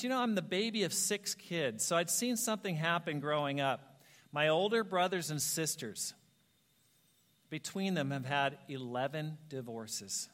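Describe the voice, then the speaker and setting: High-voiced man preaching in a reverberant hall. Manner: animated, self-mocking storyteller who laughs at himself. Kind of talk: storytelling sermon. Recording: long reverb of a large hall.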